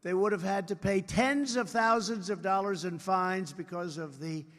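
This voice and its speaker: A man's voice: sits high, normal speed, a bit bright. A man in his seventies giving a rambling political speech at a convention, repeating phrases and adding boastful asides. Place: large convention hall. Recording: hall reverb from live convention.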